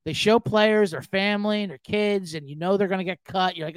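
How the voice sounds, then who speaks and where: A man's voice: high voice, fast, few pauses, dry recording. A man hosting a sports-betting podcast, ranting casually and swearing freely. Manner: animated, profane, ranting. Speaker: podcast host.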